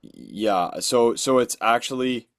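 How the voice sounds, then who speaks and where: A man's voice: medium pitch, slow pace, fairly bright tone. Easygoing man chatting hockey. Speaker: podcast co-host and announcer. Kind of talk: casual chat.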